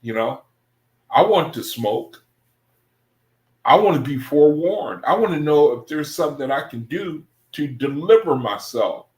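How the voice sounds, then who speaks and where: A man's voice: a little high, animated, unhurried, darkish tone, roomy sound. A man giving an informal Bible study talk in a loose, conversational way, often circling back and repeating himself. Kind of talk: informal scripture teaching monologue.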